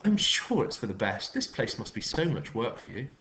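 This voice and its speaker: A man's voice: medium pitch, sing-song, normal speed, a bit bright, slight background noise. A man voicing a scheming middle-aged woman neighbour who talks in a sugary, trilling way full of pet names. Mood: gloating.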